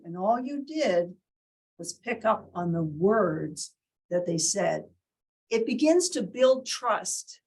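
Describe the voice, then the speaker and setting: In a low-quality recording, a woman with a lowish, darkish voice leads a workshop in an indoor meeting room. She teaches and quizzes the group as an interactive lesson, demonstrating different tones of voice.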